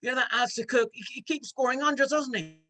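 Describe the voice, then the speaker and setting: A man's voice: extremely high pitch, quick pace, sharp tone, pitched above the performer's own voice, heavily acted. A man doing a Cockney accent as a cheery London geezer, chatting in gossipy banter.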